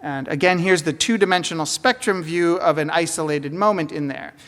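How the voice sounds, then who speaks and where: A woman's voice: low voice, a little fast. A woman giving an academic lecture, explaining steadily with occasional fillers and asides. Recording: roomy hall reverb.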